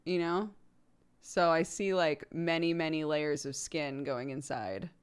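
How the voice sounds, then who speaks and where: Woman streamer host, casual chatty delivery, lower smooth voice, loose and rambling. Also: fairly even intonation, measured pace. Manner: chatty, rambling, with many "like" fillers and frequent laughs. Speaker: mother of a toddler. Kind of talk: casual chat with stream viewers.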